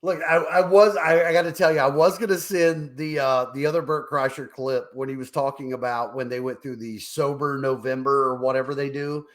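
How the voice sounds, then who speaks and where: A man's voice: mid-range voice, fairly even intonation, fairly quick, few pauses. Chatty tipsy man who laughs often. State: tipsy from drinking. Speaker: podcast co-host. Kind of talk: casual chat.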